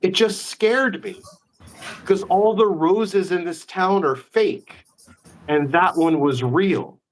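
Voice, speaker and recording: A woman's voice: on the low side, voice pushed up, poor audio. A man doing a tearful little girl. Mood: pleading. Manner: quick, emotional pleading. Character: upset little girl, tearful then pleading.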